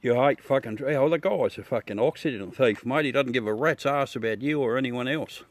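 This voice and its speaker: A man's voice: mid-range voice, a little fast, dry recording. An Australian man hosting a casual live chat with viewers from his backyard at night, swearing freely and laughing often. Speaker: livestream host.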